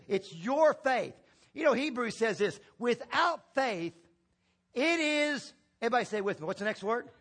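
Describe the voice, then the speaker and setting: A man's voice: sits high, gravelly, a bit bright, slightly rough. A male pastor preaching a sermon in a church, calling for responses and repeating key phrases for emphasis, with folksy humor. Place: church sanctuary.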